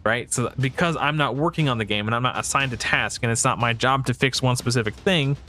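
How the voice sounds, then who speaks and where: A man talks through his thoughts on a game in a loose, rambling way, often stopping to restart a sentence or reach for a filler. His voice sits at an ordinary middle pitch. Soft music plays faintly underneath. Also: a little fast. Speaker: gaming video creator. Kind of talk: casual thinking-aloud commentary.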